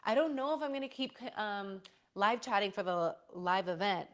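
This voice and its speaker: A woman's voice: medium pitch, expressive, moderate pace. A young woman chatting casually on a live stream, rambling through stories and answering chat with playful slang.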